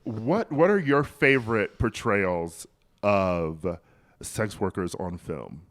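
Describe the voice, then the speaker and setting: A man's voice: fairly low pitch, expressive, takes it slowly. A man co-hosting a podcast, reading ads and asking a guest questions in a chatty, theatrical way. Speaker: podcast co-host. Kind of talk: casual chat and ad reads.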